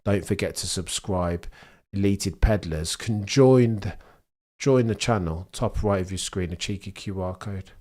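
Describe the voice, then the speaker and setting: A man doing live race commentary for his chat, slangy and sarcastic, swinging between excitement and dejection. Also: deep voice, measured pace. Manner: exasperated, swings from animated to deflated. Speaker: streamer commentating a race watchalong.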